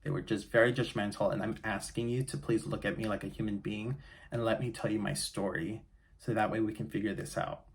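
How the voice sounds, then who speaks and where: A man with a fairly low voice recounts a hard personal ordeal straight to his viewers. He talks casually and openly, with plenty of fillers, restarts and asides. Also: fairly even intonation, a little fast. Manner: emotional, candid, casual with many fillers and restarts. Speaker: vlogger. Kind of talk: personal storytelling to camera.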